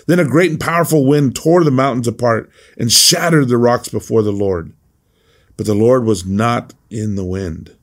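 A man's voice: mid-range voice, gravelly, slightly rough. A man teaching a devotional Bible message as a pastor, earnest and repeating phrases for emphasis.

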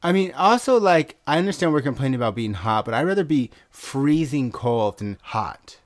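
A man's voice: medium pitch, animated, normal speed, dry recording, studio quality. A man co-hosting a talk show in casual chat, wry and teasing. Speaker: podcast co-host.

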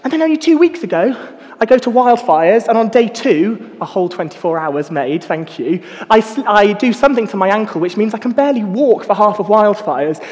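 High-voiced young man preaching. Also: animated, fairly quick, a little mellow, in a large hall. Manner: self-mocking, chatty storytelling. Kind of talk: casual sermon with personal stories.

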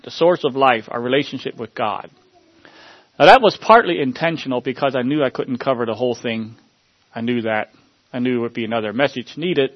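Earnest halting male pastor. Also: mid-range voice, no echo, lo-fi sound. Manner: earnest, halting, repeats words with many uh fillers. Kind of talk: sermon with opening prayer.

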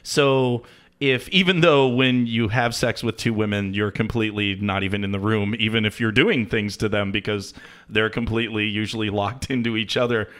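A man's voice: on the low side, steady tone, moderate pace, fairly bright tone. A man co-hosting a podcast in casual chat, blunt and profane, rambling and laughing often. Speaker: podcast co-host.

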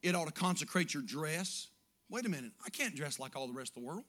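A pastor preaches in a church with a bright, forceful voice that sits a little high for a man. He swings from hushed, intimate passages up to loud, shouted peaks. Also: lively intonation, quick pace. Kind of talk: sermon. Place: church sanctuary.

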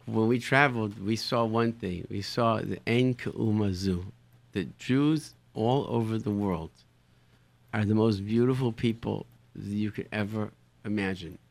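A man's voice: fairly low pitch, unhurried, gravelly, no room sound. A man telling casual anecdotes animatedly, often repeating words as he finds his phrasing. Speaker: storyteller, show guest.

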